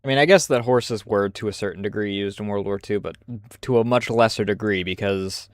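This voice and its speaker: A man streaming a game, talking through rambling, chatty asides that break into animated bursts. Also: lowish voice, brisk, clear, resonant tone, no echo, studio quality. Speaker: gaming streamer. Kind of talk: casual gameplay commentary.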